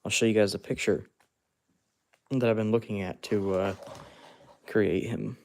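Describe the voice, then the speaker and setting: On the low side and a little mellow, his voice stays steady at a measured pace. He's hosting a casual clay-sculpting stream, chatty and laughing often as he describes his handwork and reads chat to fans.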